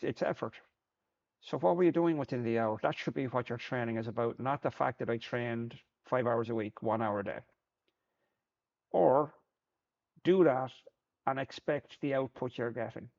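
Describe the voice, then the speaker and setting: A man's voice: mid-range voice, vocal fry, lo-fi sound. A man, a Paralympic sport shooter, talking through his thoughts in a plain-spoken reflective monologue, often repeating words as he thinks.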